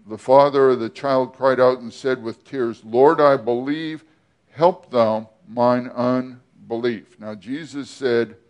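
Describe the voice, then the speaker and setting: A man preaching a sermon as pastor, often asking the congregation questions and pausing between phrases. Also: mid-range voice. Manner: asks the congregation questions, with pauses and restarts.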